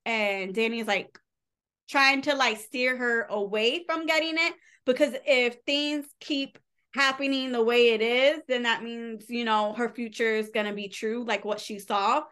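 A woman's voice: on the high side, fairly even intonation, unhurried, fairly bright tone, clean tone. A woman co-hosting a podcast, casually retelling a novel's plot in a chatty way, full of fillers and quoted dialogue. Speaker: podcast co-host. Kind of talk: casual book recap.

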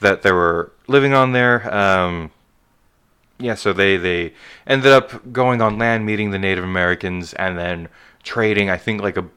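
A man's voice: low-pitched, measured pace, bright, forceful tone, smooth. A man co-hosting a casual chat, reading history notes aloud with many ums and a rambling manner. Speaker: podcast co-host.

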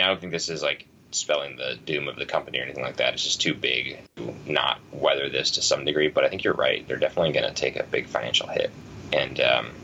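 A man's voice: a bass voice, sharp tone, dull audio, slight background noise. A man co-hosting a podcast, talking in a rambling, thoughtful way with many fillers and restarts. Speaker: podcast co-host. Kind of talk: casual chat.

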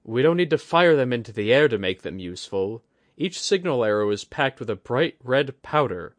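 A man playing an earnest young male samurai commander who speaks in a measured, decisive way. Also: mid-range voice, sing-song, dry recording, voice pushed up, close to an everyday voice.

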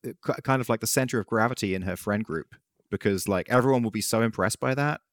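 Male podcast co-host, lowish voice, relaxed and rambling with restarts, dry sound. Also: quick pace, no echo. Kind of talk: casual podcast chat.

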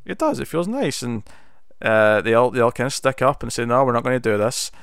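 A man's voice: mid-range voice, lively intonation, fairly quick, vocal fry, fairly bright tone, clean tone, no echo, clean studio sound. A man co-hosting a casual podcast, reviewing a TV episode and retelling its scenes with bursts of animation. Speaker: podcast co-host.

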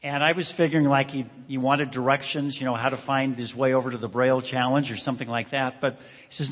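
A man's voice: medium pitch, little pitch movement, fast, few pauses, a bit bright. A man hosting an awards ceremony, telling a playful joke story to a live audience in a large hall. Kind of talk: joking emcee remarks to an audience. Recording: reverberant hall sound.

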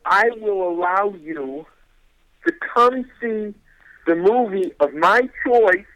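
A man's voice: sits high, animated, slow, fairly bright tone, highs cut off, exaggerated voice. A man playing a brash, shameless cineplex owner with a New York accent. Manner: brash, pushy, self-assured.

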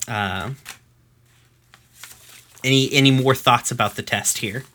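Bright-voiced man in his thirties rambling casually. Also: medium pitch, takes it slowly. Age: 30s. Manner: rambling and profane, with frequent fillers and restarts. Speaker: podcast host recapping episodes. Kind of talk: casual chat.

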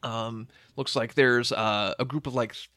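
A man's voice: medium pitch, measured pace, no room sound. Man as game master, casual, dry mic. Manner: relaxed, hesitant with many ums. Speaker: dungeon master. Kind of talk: narrating a tabletop game.

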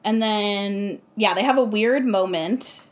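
A woman's voice: medium pitch, takes it slowly. A young woman casually retelling a film's plot, speaking in a chatty way full of "like" and frequent laughs. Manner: chatty, heavy use of "like", laughs often. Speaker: co-host recapping a film. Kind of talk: casual chat.

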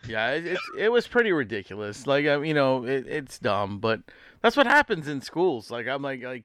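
A man's voice: mid-range voice, big pitch swings, moderate pace, fairly bright tone, smooth, no echo. A man co-hosting a podcast in casual chat, brash and swearing freely. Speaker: podcast co-host.

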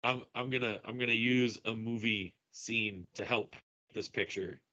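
Halting man on a lo-fi line. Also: lowish voice, fairly even intonation, sharp tone, no room sound. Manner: halting, apologetic, repeats himself. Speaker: podcast co-host. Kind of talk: casual podcast chat.

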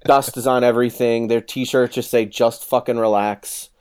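With a clean, mid-range voice at normal speed, a man in his thirties recounts a wild story in relaxed talk. He curses without restraint and animatedly imitates the people he's quoting.

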